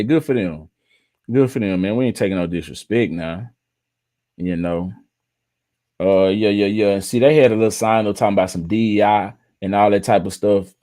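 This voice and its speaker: A man's voice: lowish voice, mellow. A man hosting a casual livestream, giving blunt commentary, laughing often and mocking what he disagrees with.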